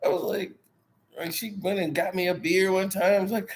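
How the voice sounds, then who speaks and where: Gravelly, high-voiced man telling stories. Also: brisk. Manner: animated, slangy, laughs often. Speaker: channel host. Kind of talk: casual storytelling.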